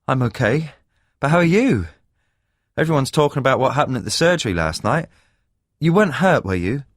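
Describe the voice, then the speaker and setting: A man voicing a shy, nervous young woman who speaks haltingly on the phone. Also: medium pitch, animated, no echo, studio quality, close to an everyday voice. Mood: concerned. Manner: hesitant, halting speech.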